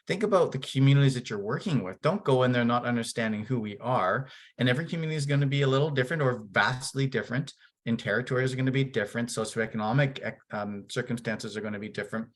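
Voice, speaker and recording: A man's voice: medium pitch, quick pace. A man from Canada speaking on a panel discussion in a casual, candid way, with many fillers and restarts.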